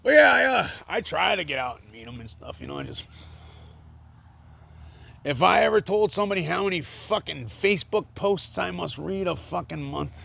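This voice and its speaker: Gravelly forty-year-old man rambling. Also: high voice, lively intonation, moderate pace, pushed and bright. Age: 40s. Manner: rambling, heavy swearing, many fillers, emotional. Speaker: vlogger. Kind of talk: rambling confessional monologue to camera. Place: at home, indoors.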